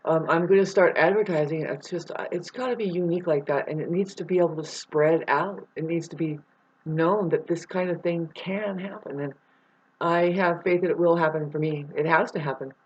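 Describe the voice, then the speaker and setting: In a dull lo-fi vlog, a woman delivers a rambling spiritual monologue at normal speed, cursing freely as she becomes irate and loud. Her voice is lowish with a breathy edge.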